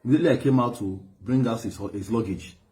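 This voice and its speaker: A man with a Nigerian accent, an Igbo speaker, telling stories to an audience in an animated way, often repeating words. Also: medium pitch, quick pace. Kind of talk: storytelling speech.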